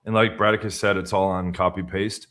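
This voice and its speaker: A man's voice: low voice, flat delivery, fairly quick, fairly bright tone. A man guesting on a live dating-advice stream, talking loosely and conversationally and often trailing off mid-sentence. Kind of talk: casual live-stream chat.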